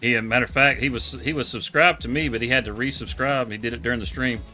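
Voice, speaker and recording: Male streamer, casual rambling host, sharp bright tone, faint music behind. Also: medium pitch, quick pace. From Texas. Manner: relaxed, rambling, laughs often. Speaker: livestream host. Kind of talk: casual live-stream chat.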